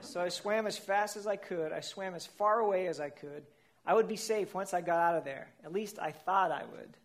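A man tells a comic first-person story, speaking as a whale, in a playful voice that sits fairly high for a man. He often breaks into laughter at his own lines. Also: moderate pace.

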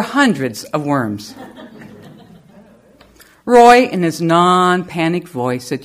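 A middle-aged woman giving a lively, storytelling spiritual talk to a congregation. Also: takes it slowly, pauses often. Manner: lively storyteller with animated pitch. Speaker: service leader.

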